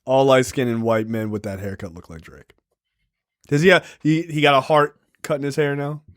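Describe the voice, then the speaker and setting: A man's voice: medium pitch, steady tone, normal speed, dry recording, studio quality. A man co-hosting a podcast movie review, talking casually with lots of ums and jokey asides. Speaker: podcast co-host.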